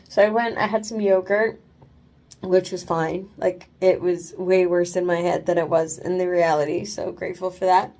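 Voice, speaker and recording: This woman speaks on the low side at a moderate pace, her tone steady and a little mellow. It's a late-night vlog from home after oral surgery, starting in bed and ending in the bathroom, and she's tired, rambling, filler-heavy, and swears without holding back.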